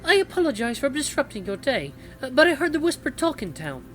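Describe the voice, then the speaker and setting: Cloying meddler, sweet and smooth with a cold edge, high and sing-song, as a man puts her on. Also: big pitch swings, a little fast, a bit bright, soft background music, heavily acted. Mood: prying. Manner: overly polite, prying.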